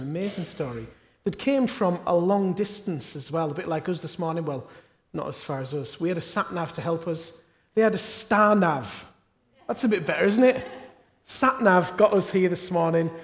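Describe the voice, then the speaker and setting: A man preaching a chatty sermon, telling jokey stories and asking the congregation rhetorical questions. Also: a little high. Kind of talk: storytelling sermon. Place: church. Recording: long reverb of a church hall.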